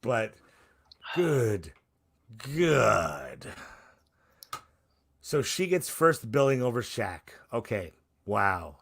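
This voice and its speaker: A man's voice: mid-range voice, sing-song, unhurried, a bit bright. A man co-hosting a casual review chat. He gives sarcastic, mocking commentary. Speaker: podcast co-host.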